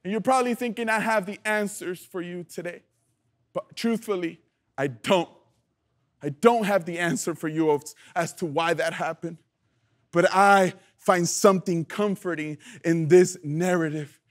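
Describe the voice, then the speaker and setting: High-voiced passionate male youth preacher. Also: normal speed. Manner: passionate, call-and-response preaching; swings between loud emphasis and hushed lows. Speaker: youth pastor. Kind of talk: sermon.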